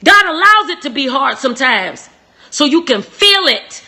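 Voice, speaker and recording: A young woman hosting a live-stream relationship talk, preachy and emphatic, repeating phrases and swinging from soft to shouting. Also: high voice, big pitch swings, measured pace, pauses often.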